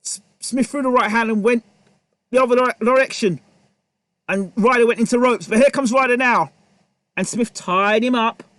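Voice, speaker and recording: A man calls a boxing match live, firing off punches as they land and urging the fighters on. His voice is very high for a man. The sound is close and dry with no room behind it. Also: normal speed, no room sound. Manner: excitable, repetitive, talks to the fighters. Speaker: boxing commentator. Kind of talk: live play-by-play commentary.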